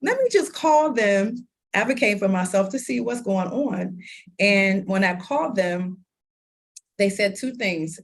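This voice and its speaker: A woman in her thirties, an interview guest, telling a personal story in lively conversation, laughing often and acting out what people said. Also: mid-range voice, unhurried. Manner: animated, laughs often, acts out quoted dialogue.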